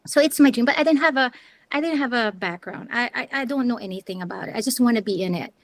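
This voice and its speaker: A middle-aged woman chats through her story as an interview guest. Her voice sits on the higher side and she often restarts her sentences. The sound is dry and close. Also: fast, dry recording. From Philippines. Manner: chatty, animated, frequent restarts and "like". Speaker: interview guest, wedding planner and videographer.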